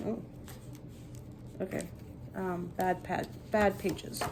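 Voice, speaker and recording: A young adult woman reading a storybook aloud in a relaxed, unhurried way. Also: fairly low pitch, background noise. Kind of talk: casual read-aloud narration.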